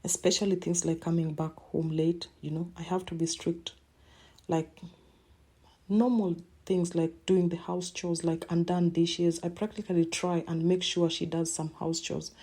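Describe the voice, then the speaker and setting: A middle-aged woman with a low, mellow and slightly husky voice tells a personal story as a podcast host. Her delivery is halting and emotional, and she often repeats words mid-sentence. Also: level tone.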